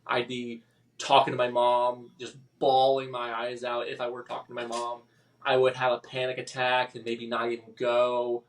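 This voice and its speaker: A man telling his personal story as a podcast guest, halting and emotional, with many restarts and fillers. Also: medium pitch, completely flat delivery, far from the mic.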